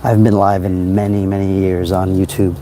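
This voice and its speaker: A man's voice: sits low, level tone, moderate pace, background noise. Man rambling on a livestream. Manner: rambling, self-help musings. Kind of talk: casual livestream monologue. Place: outdoors at night by a parked car. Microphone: phone.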